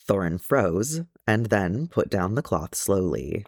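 A man narrating a fan fiction audiobook in an expressive storytelling manner. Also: low voice, slow pace, dry recording, studio quality. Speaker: audiobook reader.

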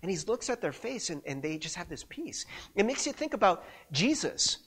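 A man's voice: high voice, big pitch swings, normal speed, a bit bright, slightly rough. A man preaching a sermon in a conversational way, often checking in with his listeners and restarting his sentences. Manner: conversational, frequent rhetorical "right?" and restarts. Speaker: pastor.

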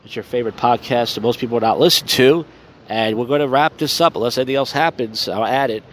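A man's voice: mid-range voice, fast, a bit bright, slight background noise. A man hosting a casual solo podcast, rambling loosely with profane, wry asides, recorded outdoors in a city on a phone. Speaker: podcast host.

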